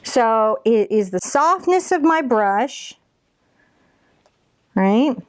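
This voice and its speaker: A woman's voice: a little high, lively intonation, drawn-out words, no echo. A woman in her forties teaching a live painting lesson, chatty and encouraging as she talks through each brush stroke. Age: 40s. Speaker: painting instructor.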